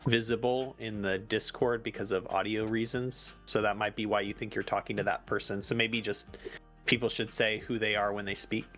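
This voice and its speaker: Matter-of-fact male organizer, lower voice, faint music behind. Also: little pitch movement, normal speed, fairly bright tone. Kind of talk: calm instructions. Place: online voice call.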